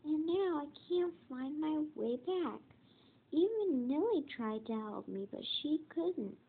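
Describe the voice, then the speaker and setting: A woman reading the lines of a gentle, weary young male dragon, halting and restarting as she goes. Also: high voice, expressive, voice pushed up, heavily acted. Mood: sad. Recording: tinny phone-like sound.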